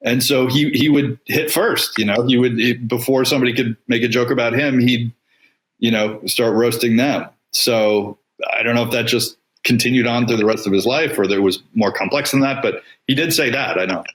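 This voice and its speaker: A man in casual chat, calmly explaining what came up in an interview. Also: medium pitch, moderate pace. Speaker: guest.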